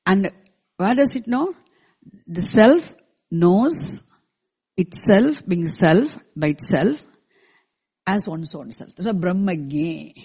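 Husky, unhurried scripture teacher. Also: medium pitch, lively intonation, a little mellow. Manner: measured, repeats key terms, poses questions to the class; chants verses slowly in between. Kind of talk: scripture lecture.

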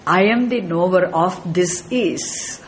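Slow, emphatic male spiritual teacher. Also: high voice, a little hiss or hum. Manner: emphatic, repetitive, chuckles often. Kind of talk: scripture lecture.

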